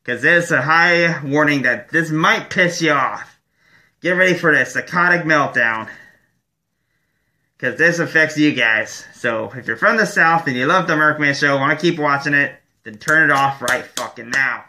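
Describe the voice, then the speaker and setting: Man, from Michigan, vlog host, profane rant, forceful tense voice, slightly high. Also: normal speed. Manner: profane, angry ranting. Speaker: show host. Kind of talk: ranting vlog monologue.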